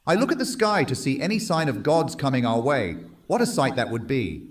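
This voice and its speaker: A man's voice: medium pitch, very animated, a little fast. A text-to-speech man voice playing a pious man musing about the sky. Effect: synthetic text-to-speech voice.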